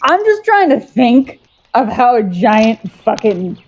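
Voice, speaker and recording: A woman's voice: a little high, very animated, slow pace, a little mellow. A woman playing a tabletop game, joking around, giggling and swearing casually. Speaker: player.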